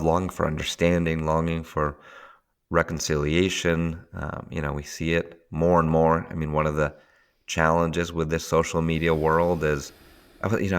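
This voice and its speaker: Middle-aged man, very deep voice, lively guest talker who laughs and voices his stories. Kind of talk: casual conversation.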